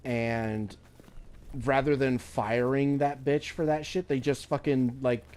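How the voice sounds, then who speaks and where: A man's voice: medium pitch, fairly even intonation, slow pace, darkish tone. A man streaming a video game, ranting angrily in casual profane chat. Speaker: gaming streamer. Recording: faint background noise.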